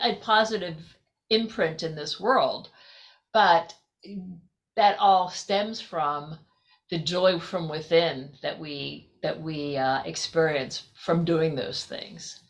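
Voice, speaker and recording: A woman in a casual group video chat, sharing thoughts hesitantly and reflectively, with many pauses and fillers. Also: on the low side, a bit bright. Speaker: discussion participant.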